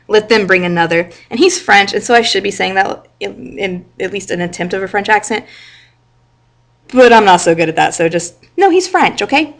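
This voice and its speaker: A woman teaches a high school literature class, stopping her reading to explain it in plain words. She talks in a loose, chatty way with lots of "like" and "right?" Her voice is middle-pitched. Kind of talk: literature lecture with reading aloud.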